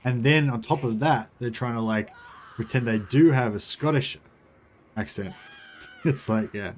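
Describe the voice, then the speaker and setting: A man livestreams a strategy game and talks in a loose, rambling way. He chats with his viewers as he plays and swears casually. His voice sits at a middle pitch. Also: measured pace. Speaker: game streamer.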